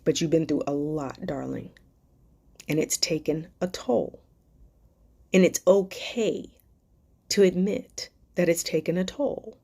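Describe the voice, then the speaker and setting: A woman's voice: sits low, steady tone, takes it slowly, creaky, pauses often, darkish tone, husky. Affectionate woman hosting a live Q&A. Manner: affectionate, calls viewers darling, baby, sweetheart; emotional, close to tears, spiritual encouragement. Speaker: host and life coach. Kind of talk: live stream Q&A, reading viewer comments.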